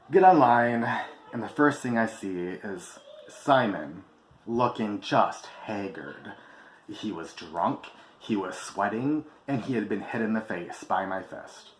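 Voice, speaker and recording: A man's voice: lowish voice, a little hiss or hum. A man telling a personal story to camera in a vlog, candid and emphatic, swearing freely. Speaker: vlogger. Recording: echoey room with faint ambience.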